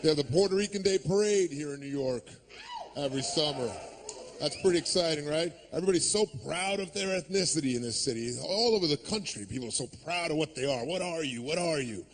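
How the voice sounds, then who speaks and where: A man's voice: a little high, lively intonation, quick pace, slight background noise. A man performing a stand-up comedy set, sarcastic and ranting, cursing freely and acting out the people he quotes. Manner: profane.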